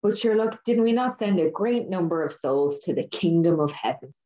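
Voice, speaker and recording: A woman's voice: lowish voice, animated, normal speed, warm tone, highs cut off, close to an everyday voice. A woman putting on a breezy, mock-solemn voice for a swaggering holy warrior man who loves battle. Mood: smug.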